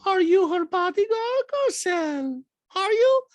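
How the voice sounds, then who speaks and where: A grand, haughty woman with a soaring falsetto that swoops all over and drawls each cutting word slowly, as a man puts her on. The sound is dry and close, with no room around it. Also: very animated, no echo, heavily acted. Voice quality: falsetto, drawn-out and mocking. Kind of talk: comedic impression in a recap.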